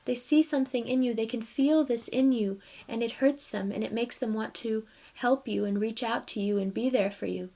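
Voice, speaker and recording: A woman's voice: on the high side, moderate pace, gravelly, few pauses, warm tone. A woman giving a casual tarot reading, talking straight to her viewers in a chatty way and laughing often. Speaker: tarot reader.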